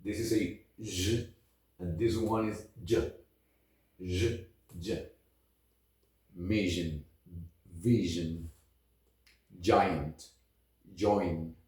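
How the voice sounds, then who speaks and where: A man teaching an English phonetics lesson, drawing out each example sound slowly and deliberately. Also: low-pitched, steady tone, a little mellow, heavy reverb, distant mic. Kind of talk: phonetics lesson with model words.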